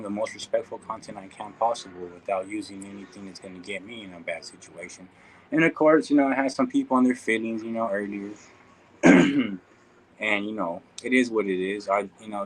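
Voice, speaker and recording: Speaking in a lowish, somewhat bright voice, this Inland Empire, California vlogger chats easygoingly with his audience, full of slang and addressing them as "homie" and "dog." Poor audio quality and slight background noise come through.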